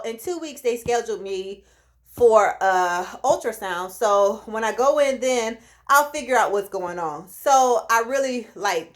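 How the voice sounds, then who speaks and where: A woman in her late thirties telling a personal story in a casual vlog, lively and acting out what people said. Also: a little high. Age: 30s. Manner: animated, acts out quoted voices. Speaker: vlogger.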